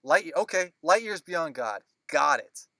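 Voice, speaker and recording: A man hosting a movie podcast in a lively, joking way, throwing in quick asides. His voice is bright and forward. It is close and dry on the mic. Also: fairly high pitch, dry recording. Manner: animated, jokey, quick asides. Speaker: podcast host. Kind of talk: casual chat.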